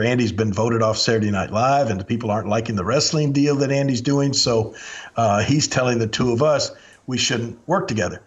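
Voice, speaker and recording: An older man tells a story on his podcast in a relaxed, chatty way. He acts out what the others said as he goes. His voice sits at an ordinary middle pitch. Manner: animated anecdote-telling, acts out quoted lines. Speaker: podcast host. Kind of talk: casual storytelling.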